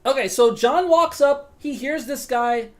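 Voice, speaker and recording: A woman's voice: high voice, unhurried, a little mellow. A young woman streaming a fantasy game, narrating role-play with giggles, swearing and easy distraction. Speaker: gaming streamer. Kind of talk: casual role-play gaming commentary.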